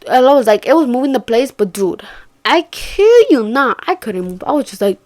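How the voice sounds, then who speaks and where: A young woman telling a story casually, swearing and slangy, jumping from loud outbursts to hushed murmurs. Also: on the high side, big pitch swings, normal speed. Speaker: vlogger.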